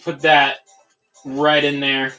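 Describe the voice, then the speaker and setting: A man hosting a casual livestream tutorial, talking in an excitable, giddy, rambling way. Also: on the high side, slow, faint music behind. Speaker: livestream host building toys.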